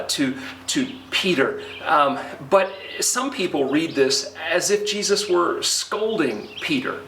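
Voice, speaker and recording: A middle-aged man delivers a conversational sermon, pausing with the odd filler. His slightly high voice rises and falls a lot. He stands back from the mic, and the sound is roomy, with faint birdsong and outdoor noise behind him. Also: pushed and bright, far from the mic. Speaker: pastor.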